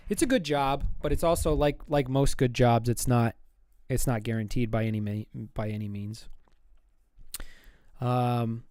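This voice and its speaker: A man's voice: mid-range voice, gravelly, mellow, dry recording. Rambling man chatting dry and close. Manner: rambling, self-mocking, chatty. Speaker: streamer and artist. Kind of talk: casual livestream chat while drawing.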